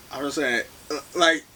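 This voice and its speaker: A man's voice: on the high side, bright, forceful tone, slight background noise. A young man co-hosting a casual movie review podcast, blunt and dry, with plenty of "like" fillers. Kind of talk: casual chat.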